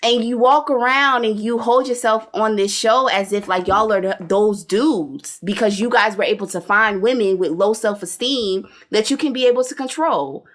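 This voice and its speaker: A woman co-hosting a show-review chat, blunt and animated, with plenty of slang and cursing. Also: fairly high pitch, moderate pace, few pauses. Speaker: podcast co-host reviewing a reality show. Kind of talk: casual opinionated chat.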